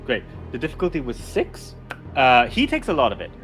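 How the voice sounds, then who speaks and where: A man's voice: medium pitch, wildly swooping pitch, fairly quick, music in the background. A man running a tabletop role-playing game as game master, narrating a fight in a vivid, rambling way with many fillers.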